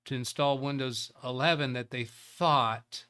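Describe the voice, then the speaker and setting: Bright-voiced man rambling on a tech livestream. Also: mid-range voice, fairly even intonation, unhurried, smooth. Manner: thinks aloud, rambling, chuckles at chat. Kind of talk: casual live tech show, reading chat.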